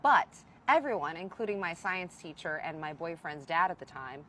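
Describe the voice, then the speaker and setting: A young woman telling a casual storytime vlog, animated and playful, swearing freely. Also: lowish voice, moderate pace, slight background noise. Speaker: storyteller vlogger.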